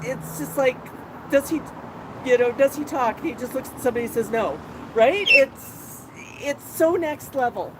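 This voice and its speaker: A woman's voice: high-pitched, normal speed. A woman vlogging from an outdoor patio, chatting in a sing-song voice and baby-talking to her pet bird. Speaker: parrot owner and channel host. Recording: outdoor recording with street noise. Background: outdoor street ambience with passing cars.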